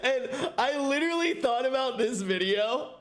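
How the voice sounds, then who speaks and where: A man's voice: very high voice, normal speed. A man streaming in casual chat, reacting to a video and telling stories with lots of laughter and swearing. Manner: animated storytelling, laughs often, swears.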